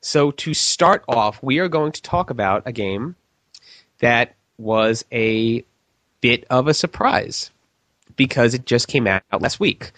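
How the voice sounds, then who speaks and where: A man's voice: medium pitch, takes it slowly, a bit bright, dry recording. Man hosting a podcast while sick with a cold. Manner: upbeat, jokey host patter. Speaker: podcast host. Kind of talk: casual podcast chat.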